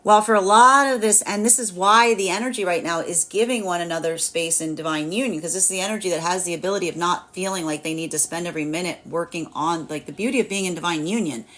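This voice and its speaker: A woman's voice: on the low side, quick pace, few pauses, a bit bright. Rambling young woman tarot reader. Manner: rambling, many fillers, laughs often. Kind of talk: live tarot reading.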